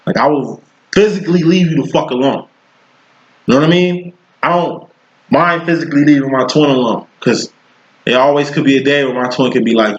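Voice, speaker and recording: In a casual tarot reading vlog, a psychic tarot reader in his thirties talks in blunt, profane street language. His voice is medium in pitch and fairly quick. The recording is roomy, dull, and lo-fi.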